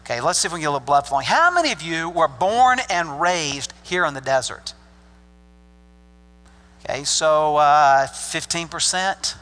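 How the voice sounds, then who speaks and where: Older guy preaching, kinda high and bright voice, cracking jokes, lots of church reverb. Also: lively intonation, moderate pace. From Arkansas. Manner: folksy, joking asides to the congregation. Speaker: pastor. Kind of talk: sermon. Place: church sanctuary. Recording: long hall reverb.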